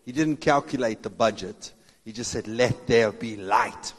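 A man's voice: fairly low pitch, unhurried. A man preaching a sermon as a pastor, joking and laughing often and acting out Bible dialogue in different voices. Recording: long reverb of a large hall.

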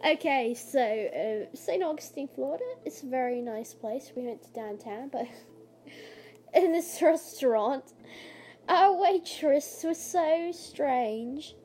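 High-voiced giggly young woman. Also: slow, slight background noise. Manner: giggly, animated storytelling. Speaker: podcast co-host. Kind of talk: casual chat.

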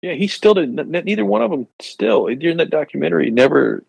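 A man co-hosting a casual podcast, agreeable and laid-back, often chiming in with quick agreement. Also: on the high side, expressive, gravelly, darkish tone, husky, dry recording, poor audio. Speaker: podcast co-host. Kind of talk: casual chat.

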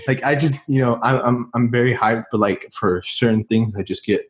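A man's voice: medium pitch, normal speed, noisy background. A man in casual podcast chat, laid-back and rambling, with many fillers and restarts.

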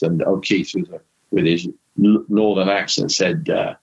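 A man's voice: low voice, fairly even intonation, a little slow, gravelly, husky, highs cut off. An older man, a former racing driver, telling rambling anecdotes in an interview with many restarts and asides. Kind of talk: anecdotal storytelling in conversation.

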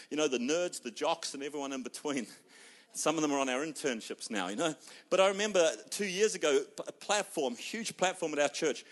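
Preaching a sermon in a fairly high-pitched voice, a male pastor tells stories and acts out people's voices. He swings between loud outbursts and hushed moments.

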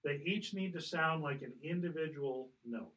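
Bright-voiced man coaching duck calls. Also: a little high, moderate pace, distant mic, lo-fi sound. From Colorado. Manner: patient, corrective, demonstrates calls. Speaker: hunting guide. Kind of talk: casual coaching.

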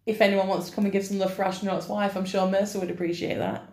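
A woman's voice: medium pitch, level tone, quick pace, a little mellow. Woman cohosting a chill podcast, wry, laid back, roomy echo. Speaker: podcast co-host. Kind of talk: casual podcast chat. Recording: echoey room.

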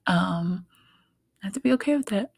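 A young woman hosting a solo podcast, talking softly and from the heart, with small laughs between her thoughts. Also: medium pitch, animated, moderate pace, creaky, slightly rough, no echo. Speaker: podcast host. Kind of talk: reflective solo podcast talk.

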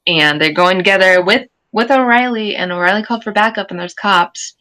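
A woman co-hosting a podcast, casually recapping a TV episode, blunt and quick to swear. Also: medium pitch, pushed and bright. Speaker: podcast co-host.

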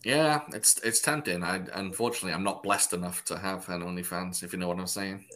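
A man's voice: sits low, fairly quick, fairly bright tone. A man co-hosting a podcast in casual chat, joking around and laughing easily. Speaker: podcast co-host.

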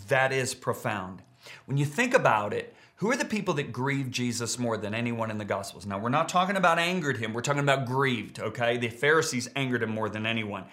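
A middle-aged pastor preaching a sermon, emphatic and repeating key words for stress. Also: male voice, mid-range voice, a bit bright.

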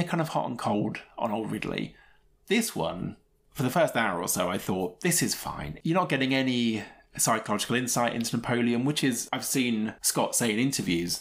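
A man co-hosting a podcast, giving chatty, opinionated film reviews and laughing often. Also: medium pitch. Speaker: podcast co-host. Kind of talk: casual film review chat.

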